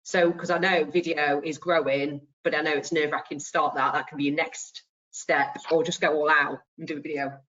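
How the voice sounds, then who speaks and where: A woman speaking as an accountant on a webinar panel, chatty and quick to laugh. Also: sits low, level tone, fairly bright tone, dull audio.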